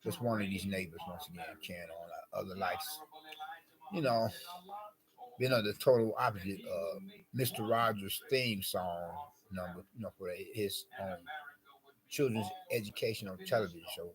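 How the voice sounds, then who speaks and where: A man's voice: low voice, moderate pace, crowd noise, rough recording. A man vlogging in a rambling, wordy monologue full of filler phrases.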